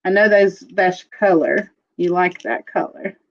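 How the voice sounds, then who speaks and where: A woman hosting a casual live-streamed jewelry auction, chatting slowly as she describes pieces and calls out viewer bids. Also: fairly low pitch, steady tone, vocal fry, muffled recording.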